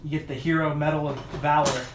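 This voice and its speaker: A man's voice: on the high side, little pitch movement, fast talker. A tired man chatting to a livestream audience and muttering to himself while he works on a bike. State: tired after hours of work. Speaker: mountain bike video creator. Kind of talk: casual livestream chat while wrenching. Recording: echoey room with faint noise.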